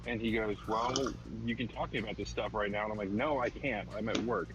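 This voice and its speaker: A man's voice: on the low side, steady tone, fairly quick, background noise. A man in a casual chat, telling stories and making comments in a dry, blunt way.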